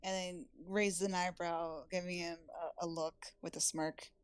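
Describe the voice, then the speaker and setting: Low-voiced woman playing a tabletop game. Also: flat delivery, moderate pace, clean tone, no room sound. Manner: casual, narrates her character's actions. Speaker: player. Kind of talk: tabletop role-play narration.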